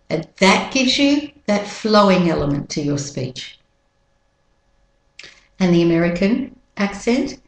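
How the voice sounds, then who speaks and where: Slow, deliberate accent-coach woman. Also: lowish voice, big pitch swings, reverberant, rough recording. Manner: slow, drawn-out model words and sentences. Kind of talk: pronunciation lesson.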